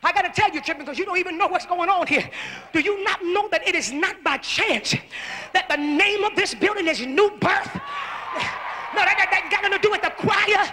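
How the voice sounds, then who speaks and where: Woman preacher, high and piercing, fiery sermon delivery that swings between shouts and hushed murmurs in a big church. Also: fairly quick. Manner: folksy, repetitive, drives points home with questions. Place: large church building.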